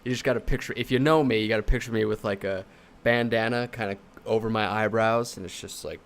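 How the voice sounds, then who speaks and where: Low-voiced, easygoing male co-host. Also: steady tone, quick pace. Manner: easygoing, stammers and restarts, laughs a lot. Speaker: podcast co-host. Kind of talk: casual chat.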